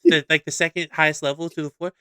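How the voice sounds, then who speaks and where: A young man co-hosting a podcast, telling a story in a lively, casual way, swearing freely and acting out scenes. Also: a little high, quick pace, a crowd in the background. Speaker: podcast co-host.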